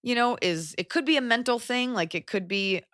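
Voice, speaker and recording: A woman in her forties hosting a podcast, giving blunt advice in a casual chat, animated and quick with asides and swearing. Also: a little high, dry recording, clean studio sound. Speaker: podcast host.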